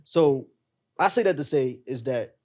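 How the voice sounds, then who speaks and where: This podcast guest, a young man, speaks at a medium pitch in an animated yet unhurried way, his tone slightly mellow. He shares a personal story with real emotion and sincerity, frequently addressing the listener, and his friends, as bro.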